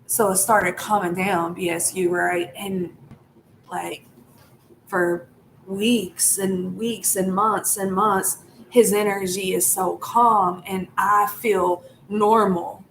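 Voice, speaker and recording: A woman's voice: mid-range voice, flat delivery, slow, vocal fry, fairly bright tone, slight background noise, poor audio. A woman talking frankly to her viewers in a casual monologue, cursing often and using lots of fillers like "like" and "right?". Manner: frank and profane, with frequent fillers and laughs. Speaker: spiritual vlogger.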